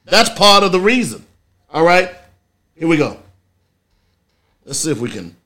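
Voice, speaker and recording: A man's voice: on the high side, very animated, unhurried, pushed and bright. A middle-aged man hosting a casual solo talk show, speaking in an emphatic, preachy way, often checking in with "okay?". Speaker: host.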